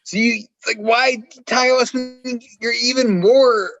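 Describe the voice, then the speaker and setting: High-voiced, profane male podcast guest. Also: fairly even intonation, slow pace, a bit bright, muffled recording. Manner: blunt, profane, mocking. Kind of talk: casual chat.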